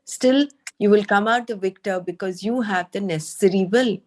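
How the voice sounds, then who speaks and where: A woman reads a spiritual text aloud to a small group and then explains it in her own words. Her delivery is measured and thoughtful, with hesitant fillers when she talks freely. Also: medium pitch, a little mellow. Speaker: study group leader reading the text.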